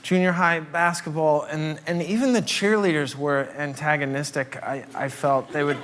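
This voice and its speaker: A man's voice: a little high, normal speed, few pauses. A man in his fifties doing a stand-up comedy set on a club stage, telling wordy mock-pompous stories that build to emphatic punchlines. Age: 50s. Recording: noisy live stage recording.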